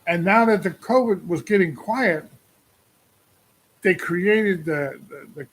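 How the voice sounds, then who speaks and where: Older man in his sixties, husky and a bit high-pitched, rambling livestream host talking to viewers. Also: animated, takes it slowly. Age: 60s. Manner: rambling, venting, asks viewers questions. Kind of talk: casual livestream rant.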